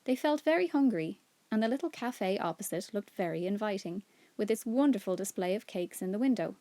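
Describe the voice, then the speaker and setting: A woman's voice: mid-range voice, expressive, brisk, mellow, no room sound. Woman reading a children's story aloud. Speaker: teacher.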